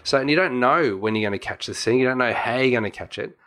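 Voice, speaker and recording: A man's voice: mid-range voice, fast, a bit bright. Rambling Australian man telling stories. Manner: rambling storyteller, many restarts, laughs often. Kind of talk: casual chat.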